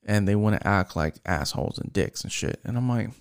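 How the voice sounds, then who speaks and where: A young man with a gravelly, fry-laden voice rants casually about work, swearing freely and circling back over his points. He sounds fed up and talks in loose, restarting bursts. The sound is dry and close, with no room echo. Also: lowish voice, fairly quick. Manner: rambling, frustrated, swears often, restarts sentences. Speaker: vlogger venting about work. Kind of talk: casual profane rant.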